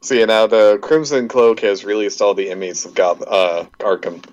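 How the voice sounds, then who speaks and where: A man's voice: on the low side, fairly even intonation, normal speed, a little mellow, dull audio. A man co-hosting a podcast in casual chat, laid-back, chiming in and laughing. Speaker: podcast co-host.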